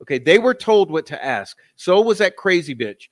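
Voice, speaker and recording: A man's voice: sits high, big pitch swings, moderate pace. A man giving profane, sarcastic, combative commentary on interview clips during a live stream.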